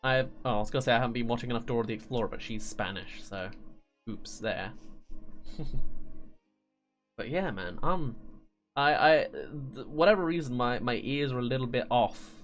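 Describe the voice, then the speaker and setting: A man streaming a game, talking in a loose, rambling way. He trips over his words and breaks into laughter often. Faint game music plays softly underneath his voice. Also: mid-range voice, moderate pace, long pauses. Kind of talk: live-stream gameplay commentary.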